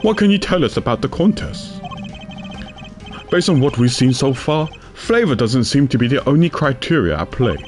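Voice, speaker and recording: A man voicing a calm, dry male investigator, reading game dialogue aloud in an even, matter-of-fact way. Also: medium pitch, normal speed, faint music behind, voice pushed down, close to an everyday voice.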